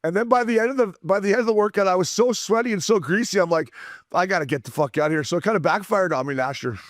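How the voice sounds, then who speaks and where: A man's voice: high voice, fast, no echo, clean studio sound. A man hosting a casual podcast, trading crude, teasing banter with the guest. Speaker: podcast host.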